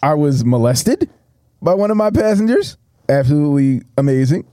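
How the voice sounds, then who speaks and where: High-voiced, mellow podcast host. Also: male voice, moderate pace, no room sound. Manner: crude, laughing, animated storyteller. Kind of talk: casual sports podcast banter, storytelling.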